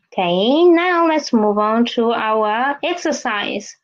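A woman's voice: a little high, expressive, takes it slowly, highs cut off. A woman teaching a language lesson, patiently repeating each word and checking in with the listener. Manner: patient, repeats words and checks with "okay?" and "right?". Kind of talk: slow step-by-step lesson.

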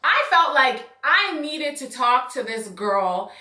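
A young woman tells a storytime for her vlog, sassy and animated, acting out every line people said. Her voice sits high and bright. The sound is roomy, with the mic a bit off from her. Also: slow, recorded from a distance. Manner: sassy, animated, acts out quotes. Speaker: YouTuber telling a story.

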